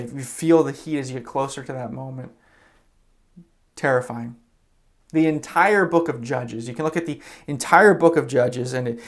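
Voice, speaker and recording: A man preaching a sermon as pastor, retelling scripture in a casual, conversational way and briefly acting out the characters' lines. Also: a little high. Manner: casual storytelling, acts out quoted characters; conversational with fillers like "you know" and "like".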